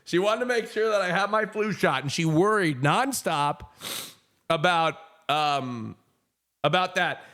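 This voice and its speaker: High-voiced, slow, rambling man. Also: sharp tone. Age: 30s. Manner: rambling, laughing and swearing. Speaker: streamer. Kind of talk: casual storytelling on a stream.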